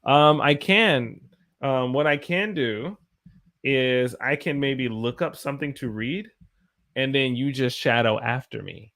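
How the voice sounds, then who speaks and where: A young American man, an English teacher, chatting on a live stream, animated and greeting his viewers by name. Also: mid-range voice, unhurried. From United States. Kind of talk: casual live-stream chat.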